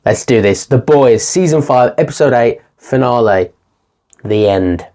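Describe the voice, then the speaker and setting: A young man talks through a TV finale in a chatty, excitable way and laughs often. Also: mid-range voice, measured pace. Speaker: TV series reviewer. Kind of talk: casual video review.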